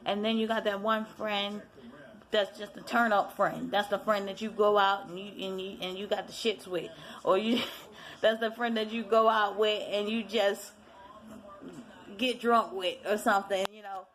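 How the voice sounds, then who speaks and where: Woman rambling through a reality tv recap, slangy, animated, talking like she's gossiping with a friend. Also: medium pitch, normal speed. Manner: chatty, animated retelling with quoted voices; lively, slangy storytelling. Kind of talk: casual chat.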